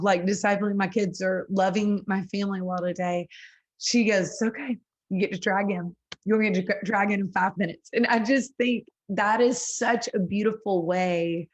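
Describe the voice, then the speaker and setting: A woman in her thirties talks with a songwriter's earnestness, her voice at a middle pitch. She speaks in a lively, conversational way and breaks into quick laughs. Her sentences are full of casual fillers. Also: lo-fi sound. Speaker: singer-songwriter guest.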